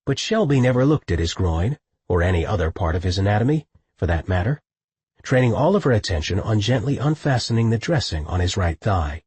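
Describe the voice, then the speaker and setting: Male audiobook narrator, low husky voice, measured delivery. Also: no echo. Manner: steady, measured storytelling. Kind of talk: scripted narration.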